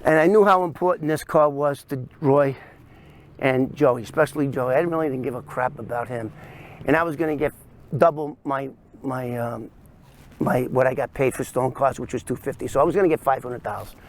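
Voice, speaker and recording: A man tells a first-person story, acting out scenes with sound effects and quick voices. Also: medium pitch. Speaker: storyteller recounting his past.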